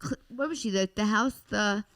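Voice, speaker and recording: A woman guest on a podcast, joking and teasing in casual chat and laughing loudly. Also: medium pitch, normal speed.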